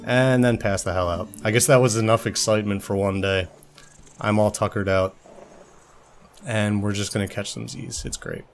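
A man's voice: fairly low pitch, fairly even intonation, moderate pace, faint music behind. A young man giving playful, joking gameplay commentary as a let's play host, swearing casually.

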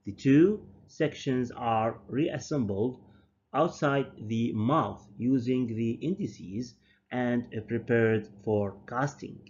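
A man, a native Arabic speaker, giving a university dental lecture slowly and deliberately, often repeating and correcting his terms. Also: mid-range voice, a little mellow. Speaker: dental professor. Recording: dull lo-fi lecture recording.

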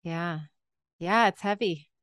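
A woman's voice: on the low side, takes it slowly, a bit bright, smooth, no room sound, clean studio sound. A woman hosting a podcast, asking empathetic questions and sharing her own experience. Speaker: podcast host. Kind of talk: podcast interview.

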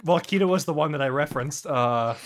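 A man in a casual podcast chat, teasing the others and laughing often. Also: on the high side.

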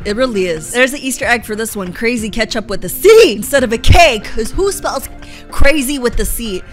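A young woman commentating on her own gameplay, excitable and talking back to the characters on screen, sometimes bursting into shouts. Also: a little high, moderate pace. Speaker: gaming YouTuber. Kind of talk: let's-play commentary. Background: game music.

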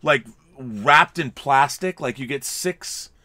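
A man's voice: medium pitch, slow, bright, forceful tone, no echo. A man co-hosting a casual film chat, joking around and reading viewer comments aloud. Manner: jokey, reads super chats aloud. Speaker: podcast co-host. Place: home studio with collectibles.

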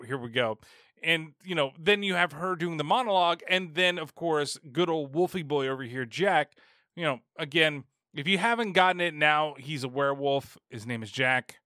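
A man's voice: a little high, pushed and bright, no room sound, clean studio sound. A man hosting a horror movie podcast, rambling casually with profanity and sarcasm. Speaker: podcast host. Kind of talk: casual film review.

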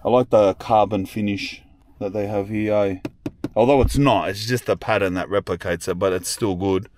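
A man's voice: lowish voice, fairly even intonation, moderate pace, darkish tone, a little hiss or hum. A young man, chatting casually and slangily as a vlogger at an outdoor car yard, thinking aloud as he goes. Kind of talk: casual vlog chat.

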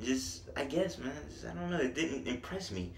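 A man's voice: medium pitch, big pitch swings, moderate pace, vocal fry, reverberant, very noisy. A man giving a casual, profane and joking music review.

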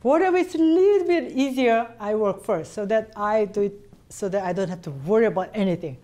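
A woman teaching a cello master class, coaching a student directly in halting phrasing and singing passages on syllables to show them. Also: mid-range voice, animated, mellow. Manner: sings phrases on syllables to demonstrate.

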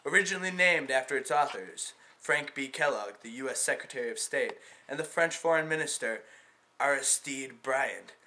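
A young man reads a school history report in the style of a news broadcast. His voice is bright and clear, with a faint hiss on the home recording. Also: medium pitch, lively intonation, normal speed, rough recording. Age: teen or young adult. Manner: announcing, reading out facts. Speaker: student narrator of a school history project. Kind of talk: mock news narration.

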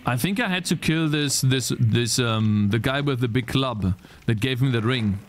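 A man's voice: medium pitch, normal speed, a little hiss or hum. A man streaming a video game in casual commentary, chatting to his viewers and swearing freely when frustrated. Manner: swears freely, easily frustrated, talks to chat. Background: game music.

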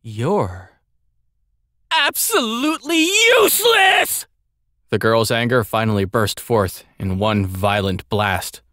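A man reading a story aloud as an audiobook narrator, in a measured, expressive way. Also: on the low side, no room sound, clean studio sound. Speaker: audiobook reader.

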